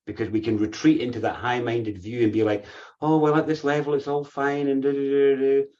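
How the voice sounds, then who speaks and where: A man's voice: on the low side, a little mellow, muffled recording. A man giving an earnest, reflective spiritual talk to a group, often repeating phrases as he thinks.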